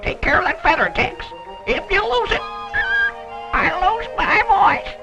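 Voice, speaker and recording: A man's voice: very high-pitched, sing-song, measured pace, creaky, exaggerated voice. A man voicing a cheerful, folksy talking dog who exclaims a lot, with music behind. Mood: amazed. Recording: lo-fi old TV soundtrack with music.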